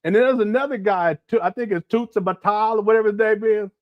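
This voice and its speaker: A man's voice: high voice, fairly even intonation, quick pace, no echo, highs cut off. A man hosting a livestream and chatting casually with viewers, rambling, giggling often and breaking into bits of song. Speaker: livestream host. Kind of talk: casual live-chat commentary.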